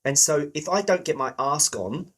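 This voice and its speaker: A man's voice: on the high side, expressive, normal speed, fairly bright tone, slightly rough. A middle-aged man from England hosting a sales podcast, chatty and enthusiastic, swearing casually. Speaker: podcast host. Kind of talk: podcast interview.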